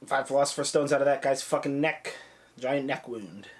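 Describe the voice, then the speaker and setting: A man co-hosting a casual film review chat who talks excitedly, swears a lot and acts out scenes in quoted voices. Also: mid-range voice, normal speed. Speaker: podcast co-host reviewing films.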